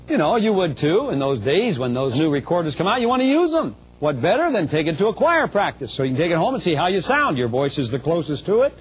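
A man with a notably high voice preaches a testimony sermon. He is middle-aged and speaks with fervent, storytelling intensity, now and then tripping over small words and lifting into emotional cries. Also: breathy edge, low-quality recording. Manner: stumbles and repeats small words. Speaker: traveling minister.

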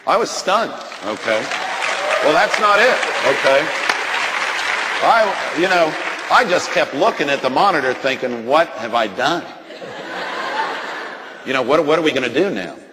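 A man's voice: a little high, expressive, moderate pace, a crowd in the background, background noise. Dramatic male storyteller in a reverberant studio. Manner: dramatic, swings from hushed to loud and laughing. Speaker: doctor telling a testimony on a Christian TV show. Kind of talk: animated storytelling.

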